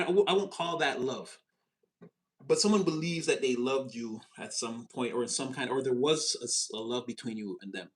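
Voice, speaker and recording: A man giving a casual, animated tarot reading, chatty and expressive and quick to laugh. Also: medium pitch. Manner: animated, chatty, swings into voices, laughs often. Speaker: tarot reader.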